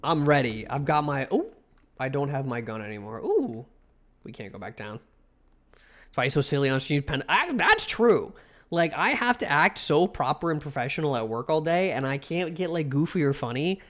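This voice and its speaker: A man's voice: a little high, sing-song, moderate pace, fairly bright tone. A young man streaming live, chatting casually, rambling and swearing as he gets worked up over a story.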